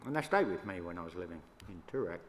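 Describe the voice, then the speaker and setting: An older Australian man, a First Nations elder, telling stories to an audience in a relaxed, yarning way with laughs between them. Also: low voice, fast talker. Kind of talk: storytelling talk to an audience. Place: church hall. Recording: echoey hall, faint room noise.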